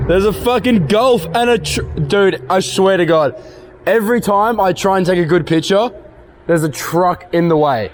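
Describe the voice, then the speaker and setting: Excitable young man vlogging outdoors. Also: high voice, moderate pace. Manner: excitable, swearing, frustrated outbursts. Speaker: photography vlogger. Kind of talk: casual vlog commentary. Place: outdoors by a busy road and racetrack. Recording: outdoor street noise. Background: passing cars.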